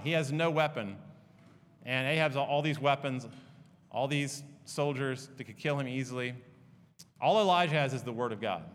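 A man preaching a sermon, telling the story in a conversational, animated way with fillers and asides. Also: medium pitch, big-room sound. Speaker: pastor.

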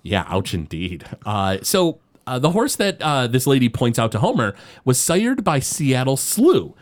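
A man's voice: mid-range voice, unhurried. A man co-hosting a podcast, recapping a cartoon episode in casual chat and acting out the quotes as he goes. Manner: animated storytelling, acts out quotes in exaggerated voices. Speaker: podcast co-host.

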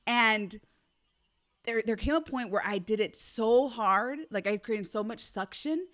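A woman's voice: fairly high pitch, unhurried. A woman co-hosting a casual podcast, telling a funny story with lots of laughter and acted-out voices. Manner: animated, laughing often, acts out quoted voices. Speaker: podcast co-host.

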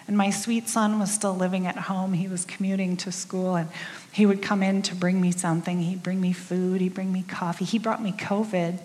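A middle-aged woman delivers a casual, heartfelt sermon, full of asides and easy fillers. Her mid-pitched voice is unhurried and open. The sound carries a long reverb, as in a large church hall. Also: fairly even intonation, darkish tone, slight background noise. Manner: candid, chatty, self-deprecating with frequent fillers. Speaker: church speaker. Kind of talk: conversational sermon.

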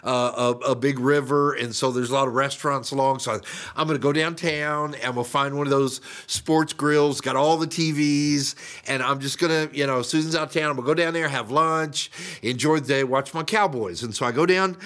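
An older man, a pastor, preaching a sermon and telling a story, acting out quotes with sudden jumps in pitch. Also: fairly even intonation, fairly quick, a bit bright.

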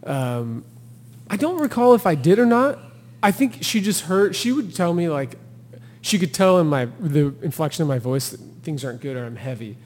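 A man's voice: on the high side, moderate pace, long reverb tail. A man, a thru-hiker guest on a podcast, telling his story in casual talk and acting out the quotes with laughter. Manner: animated storyteller who acts out quotes and laughs.

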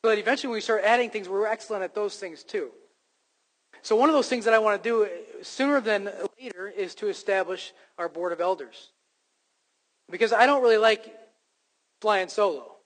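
A man's voice: sits high, normal speed, long pauses, fairly bright tone. A man preaching a sermon as pastor, speaking emphatically and joking at his own expense. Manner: emphatic preaching with self-deprecating jokes. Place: church sanctuary. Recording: long hall reverb from a church sanctuary.

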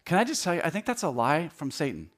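A man in his fifties giving a conversational sermon as a guest speaker in a church, joking and repeating words and getting louder to stress a point. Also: fairly high pitch, big pitch swings, fast. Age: 50s. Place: church sanctuary.

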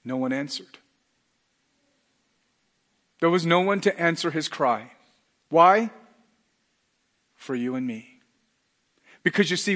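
A middle-aged male pastor preaching a sermon earnestly, dropping to a hush and then rising to loud emphatic lines. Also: fairly high pitch, lively intonation, slow, long pauses, long reverb tail.

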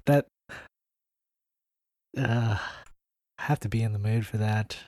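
A man with a low voice co-hosting a casual podcast. He talks in a hesitant, low-key way and stops often for filler words. The recording is close and dry. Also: a little slow, mellow, no echo. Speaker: podcast co-host.

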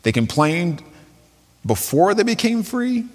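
Male preacher, slightly high voice, chatty and informal, lots of restarts, long hall reverb. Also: sing-song, slow, darkish tone. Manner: conversational, restarts, colloquial asides. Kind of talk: sermon.

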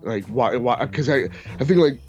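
Young man, mid-pitched voice, casual podcast storytelling, frustrated, profane, faint background music. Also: animated, normal speed, darkish tone, lo-fi sound. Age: young adult. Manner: frustrated venting, profane, quotes people in mimicked voices.

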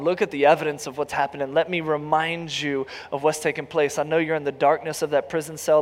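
A man preaching a sermon, telling stories with lively acted-out voices and building to near shouts. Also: fairly high pitch, big-room sound. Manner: animated storytelling, acts out voices, rises to near shouts. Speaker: pastor.

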